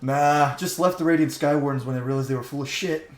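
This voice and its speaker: A man's voice: on the high side, fairly even intonation, fast, reverberant, slight background noise, lightly acted. A man voicing a cocky, taunting male dragon-rider commander who mocks his enemies. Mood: boastful. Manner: mocking, swaggering.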